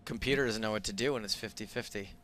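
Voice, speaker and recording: An American man commentates live poker in a bright, clear voice, dry and easygoing between the hands. His delivery is relaxed and conversational. Faint ambient hum behind him. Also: lowish voice, quick pace.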